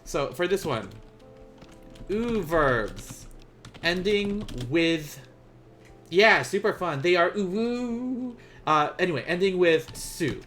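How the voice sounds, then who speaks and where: A man's voice: high voice, very animated, slow, a bit bright, faint music behind. A young man teaching a casual beginners' language lesson on a live stream, playful and chatty, often laughing at his own asides.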